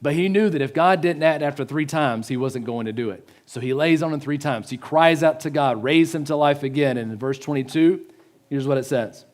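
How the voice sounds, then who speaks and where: A man giving a sermon in a church, swinging from loud pleading to hushed, slow emphasis. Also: mid-range voice. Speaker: pastor.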